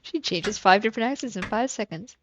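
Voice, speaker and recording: Excitable giggly woman streamer. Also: mid-range voice, moderate pace, noisy background. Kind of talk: casual gaming commentary.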